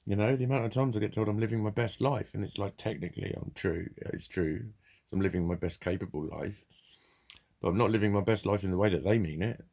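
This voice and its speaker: A man's voice: low voice, gravelly, a little mellow. A man talking to camera in a casual vlog monologue, rambling and blunt, swearing heavily as he talks. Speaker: vlogger.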